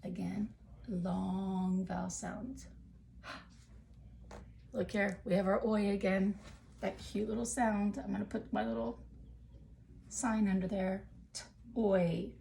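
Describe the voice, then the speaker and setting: A woman's voice: medium pitch, steady tone, slow pace, creaky, long pauses, warm tone, slight background noise. A woman teaching a phonics lesson to young children from home, talking in a patient, encouraging way.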